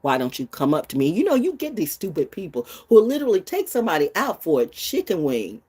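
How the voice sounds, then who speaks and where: A woman of sixty-seven talks straight to her followers in an unscripted vlog rant, blunt and full of swearing. Her voice sits fairly low but swings wildly, dropping to near-mutters and then leaping up in sharp, high bursts. Loud laughs break in between her remarks. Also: sing-song, fast, husky. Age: 60s. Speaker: vlogger.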